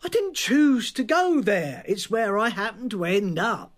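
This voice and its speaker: An evasive, defensive husband. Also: male voice, high-pitched, sing-song, a little slow. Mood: tense. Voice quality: terse, defensive. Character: evasive middle-aged husband, defensive and weary. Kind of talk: radio drama acting.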